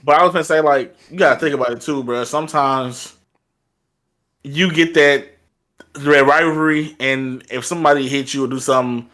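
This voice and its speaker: A man's voice: medium pitch, fairly even intonation, normal speed, fairly bright tone. A man co-hosting a sports podcast, talking loosely and casually, peppering his points with "like" and "bro". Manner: loose and conversational, leans on "like" and "bro". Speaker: podcast co-host.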